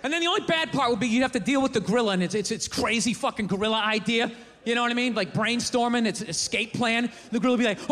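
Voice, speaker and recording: A man doing stand-up comedy on a theater stage, ranting, profane and animated. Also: very high voice, rapid-fire. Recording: reverberant theater, faint noise.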